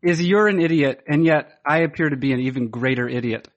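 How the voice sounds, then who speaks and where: A man co-hosting a podcast in casual, joking chat, needling his friend with questions and fast asides. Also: on the high side, lo-fi sound, background noise. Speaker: podcast co-host.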